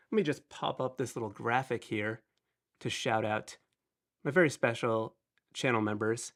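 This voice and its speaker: A man in his thirties hosts a casual live stream, his voice slightly nasal and pitched in the middle range. He chats in a loose, rambling way and pokes fun at himself as he greets people. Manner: chatty, rambling, self-deprecating. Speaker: livestream host.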